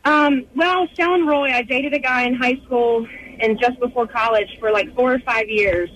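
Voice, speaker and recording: A woman calling in to a morning radio show, telling her story in a relaxed, chatty way. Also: fairly high pitch, normal speed, low-quality recording. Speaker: caller. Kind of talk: call-in chat.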